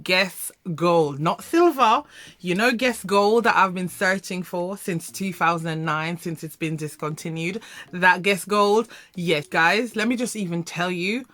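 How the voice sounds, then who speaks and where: A woman reviewing perfumes in a vlog, animated and emphatic, repeating words for emphasis. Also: on the low side, a little slow, dry recording. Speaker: fragrance reviewer.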